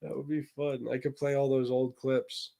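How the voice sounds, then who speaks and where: Foul-mouthed stream host guy, mid pitch, dry close mic, rambling war stories. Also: level tone, normal speed, gravelly, mellow, no echo. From Sicilian heritage. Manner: brash, profane storytelling, reads chat aloud. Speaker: livestream host. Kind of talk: casual livestream chat.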